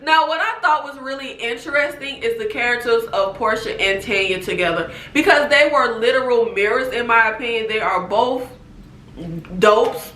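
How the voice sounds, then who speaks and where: A woman recapping a TV series in casual chat, sassy and animated, laughing often. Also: fairly high pitch, moderate pace. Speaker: TV recap host. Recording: echoey room.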